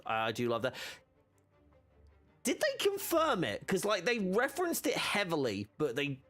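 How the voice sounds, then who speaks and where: A man's voice: a little high, fairly bright tone. A man chatting casually while streaming a game, rambling with lots of fillers and restarts. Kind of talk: casual gaming stream chat.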